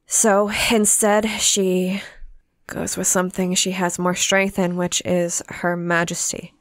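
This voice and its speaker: A woman with a lower voice narrates her character's moves in a tabletop game, measured and clear. She tells it in third person, recorded close and dry. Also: little pitch movement, no room sound. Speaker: player.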